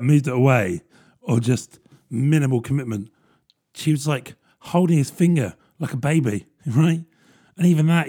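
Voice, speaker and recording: A man's voice: medium pitch, a little mellow. A man, rambling through a casual solo podcast with plenty of fillers and self-deprecating asides. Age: 30s. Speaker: podcast host.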